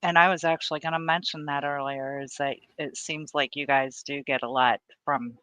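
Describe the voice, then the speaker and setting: A woman's voice: deep voice, steady tone, normal speed, pushed and bright, dry recording, rough recording. A woman co-hosting a casual live-stream, speaking hesitantly with dry humor. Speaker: stream co-host.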